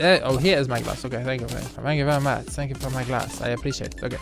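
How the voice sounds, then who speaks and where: Brief: young male let's-play host, sarcastic and self-mocking, swears a lot, mid-pitched voice, game music clearly audible behind him. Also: steady tone, racing, hardly any pauses. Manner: sarcastic, mock-boastful, swears freely. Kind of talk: casual gameplay commentary.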